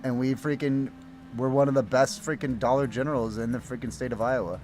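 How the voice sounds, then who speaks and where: A man's voice: mid-range voice, steady tone, brisk, a little mellow. Guy streaming from home, rambly story, middle voice, some swearing, faint music going. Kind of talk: casual chat while gaming.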